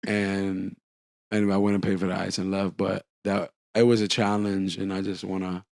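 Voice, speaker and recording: A man's voice: low-pitched, little pitch movement, normal speed, vocal fry, darkish tone, no echo. A man telling a long story on a casual podcast, acting out the quotes.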